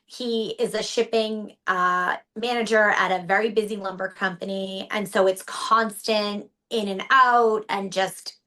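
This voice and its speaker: A woman's voice: medium pitch, steady tone, unhurried, few pauses, sharp tone. A woman in her thirties, partner of a stroke survivor, speaking candidly and emotionally in an interview, with frequent restarts. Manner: candid, tearful at times, many restarts.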